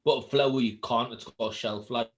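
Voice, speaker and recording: A man's voice: mid-range voice, steady tone, a little fast. A man co-hosting a casual beer show, throwing in teasing jokes and laughing a lot. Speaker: co-host of a beer review show. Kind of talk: casual chat.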